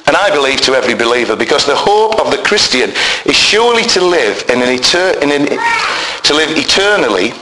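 Male preacher, hoarse, lively and bright delivery, roomy hall echo, emphatic sermon style. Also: mid-range voice. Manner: animated, emphatic, rising to near shouts. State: hoarse voice, bad chest. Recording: roomy echo, faint noise.

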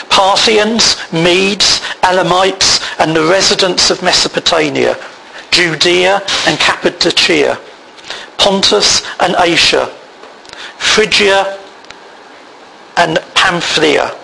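A man preaching a sermon, reading scripture aloud in a measured way. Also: a little high, bright, forceful tone, rough recording. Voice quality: gravelly.

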